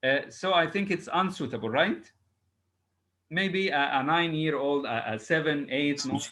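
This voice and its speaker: A man's voice: fairly high pitch, unhurried, pushed and bright, low-quality recording. A man teaching English over a video call. He is patient, spells words out letter by letter and hesitates often. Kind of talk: online class drilling exam word formation.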